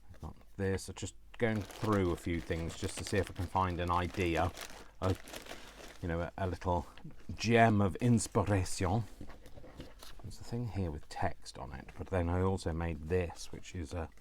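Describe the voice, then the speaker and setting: Male crafting vlogger, low-pitched, rambling self-talk while sorting supplies, faint background hiss. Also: normal speed. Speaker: crafting channel host. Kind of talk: casual crafting vlog chat.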